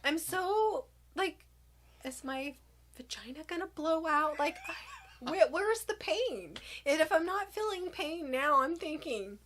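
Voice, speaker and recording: A woman in her twenties, co-hosting and telling a birth story in animated, laughing casual chat. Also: high-pitched, takes it slowly. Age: 20s. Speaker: podcast co-host.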